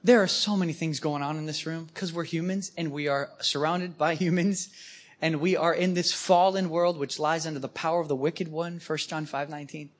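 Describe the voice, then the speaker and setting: A man preaching to a live audience, telling stories with animated emphasis. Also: on the high side, moderate pace. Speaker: guest preacher. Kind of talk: storytelling sermon.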